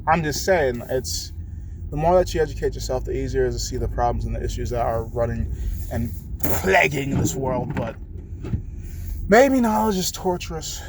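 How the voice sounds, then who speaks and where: A man's voice: medium pitch, expressive, normal speed, background noise. A young man in a rambling, emotional spoken-word monologue. He swears freely and speaks straight to someone he loves. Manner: earnest, emotional, profane, talking to a loved one. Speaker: vlogger.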